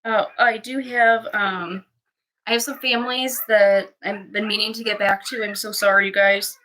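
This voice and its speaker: A woman who breeds dogs, chatting casually on a livestream and talking to her puppies in high baby talk. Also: fairly even intonation, normal speed, pushed and bright, rough recording. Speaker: dog breeder streaming puppies.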